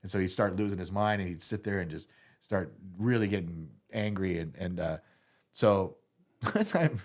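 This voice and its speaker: Man, middle-aged, casual interview guest, rambling, animated, lots of "you know". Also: low-pitched, normal speed. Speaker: guitar tech, guest telling stories.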